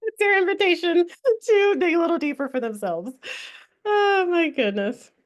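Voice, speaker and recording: A woman's voice: extremely high pitch, animated, moderate pace. A young woman hosting a spiritual workshop, talking casually, laughing often and swearing freely as she leads a breathing exercise. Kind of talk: casual live workshop talk with guided breathing.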